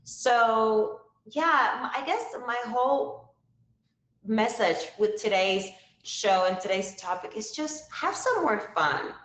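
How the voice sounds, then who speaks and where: A woman's voice: fairly high pitch, expressive, slow, fairly bright tone, echoey room. A woman hosting a casual live-stream talk show, upbeat and chatty with lots of fillers. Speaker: livestream show host.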